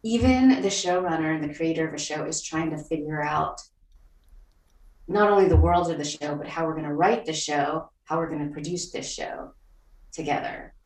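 A woman's voice: low-pitched, moderate pace, a little mellow, distant mic. A woman TV writer answering interview questions in a thoughtful, conversational way, often restarting her sentences. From Vietnam, raised in Texas. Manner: thoughtful, many restarts and fillers. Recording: roomy, a little off-mic.

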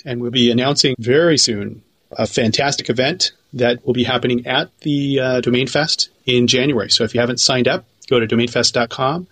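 A man guest-hosting an internet radio show, introducing the guest and reading announcements in a loose way with lots of uh fillers. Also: mid-range voice. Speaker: guest host.

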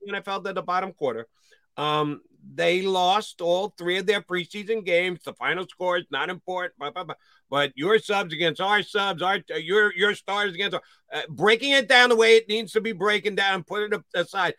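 A man's voice: high voice, normal speed, bright, forceful tone, no echo. A man hosting a sports talk show, building long arguments and pressing his co-host with questions.

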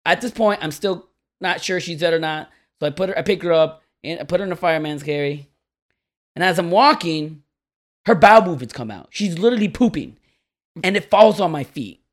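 A man telling a long, rambling story to friends on a podcast, animated and laughing as he goes. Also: a little high, a little fast. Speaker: podcast co-host. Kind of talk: casual storytelling among friends.

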